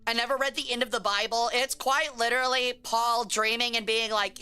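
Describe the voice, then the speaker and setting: A woman's voice: on the high side, fairly even intonation, brisk, few pauses, sharp tone, clean tone. A woman streamer chatting casually on a live stream, slangy and joking as she reacts to chat, with faint music behind her.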